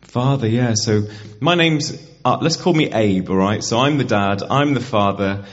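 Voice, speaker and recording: A man's voice: lowish voice, a little slow. A man preaching a conversational sermon in a church, getting the congregation to repeat words back to him. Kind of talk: interactive sermon. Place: church hall. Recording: dull, muffled church recording.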